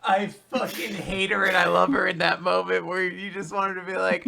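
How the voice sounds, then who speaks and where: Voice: mid-range voice, level tone, moderate pace, vocal fry, pushed and bright. A podcast co-host chatting enthusiastically about manga, swearing freely and laughing often. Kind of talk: casual manga recap chat.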